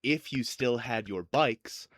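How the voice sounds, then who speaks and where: A man's voice: medium pitch, slow pace, fairly bright tone, no echo, clean studio sound. A man running a tabletop game as game master, narrating casually with many fillers.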